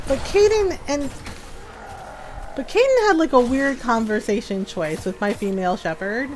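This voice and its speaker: A woman game streamer in casual chat, animated, laughing often and swearing casually. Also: a little high, moderate pace, slight background noise.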